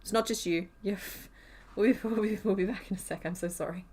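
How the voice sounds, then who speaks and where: A woman's voice: mid-range voice, a little fast, darkish tone, breathy edge. A woman live-streaming as she crochets, chatting casually and rambling with frequent giggles and fillers.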